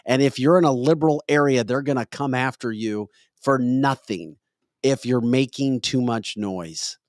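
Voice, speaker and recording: A man's voice: mid-range voice, normal speed, no room sound, clean studio sound. A man hosting a political commentary podcast, making his points with emphatic, opinionated commentary. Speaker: podcast host.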